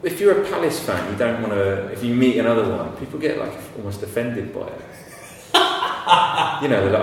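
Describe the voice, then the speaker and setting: A man's voice: mid-range voice, lively intonation, moderate pace, a bit bright. A man talking as a podcast guest in casual conversation, telling anecdotes and swearing freely. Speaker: podcast guest, graphic designer. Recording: echoey room, distant mic, faint noise.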